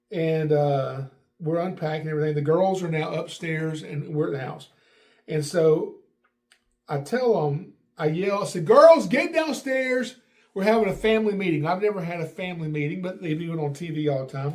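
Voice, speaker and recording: Animated man telling family stories. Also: a little high. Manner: animated, acts out quotes with raised voice. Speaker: podcast host. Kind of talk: casual storytelling.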